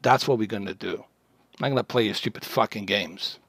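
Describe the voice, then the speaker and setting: A man's voice: lowish voice, normal speed, a bit bright, husky, dry recording. A man from Bosnia, a livestreamer, delivering an aggressive, profane rant at a chat troll.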